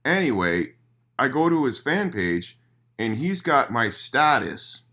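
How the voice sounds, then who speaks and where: A man's voice: medium pitch, slow. A man guest in a casual interview, telling a long story with lots of swearing, restarts and laughter, recorded in a living room. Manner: profane, animated storyteller with many restarts. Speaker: musician guest.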